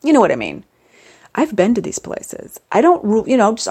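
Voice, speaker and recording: A woman's voice: huge pitch swings, normal speed, dark tone, slightly rough. A middle-aged woman in a rambling, jokey casual monologue, her voice jumping up for emphasis. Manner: rambling, jokey, with sudden rises in pitch for emphasis. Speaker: vlogger.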